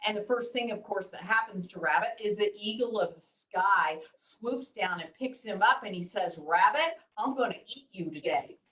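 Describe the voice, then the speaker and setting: A lively woman storyteller reads to kids on a video call and keeps asking them questions. The room gives her voice a roomy echo. The mic is set well away from her. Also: mid-range voice, normal speed, hardly any pauses, far from the mic. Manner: animated, asks the kids questions. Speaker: children's storyteller.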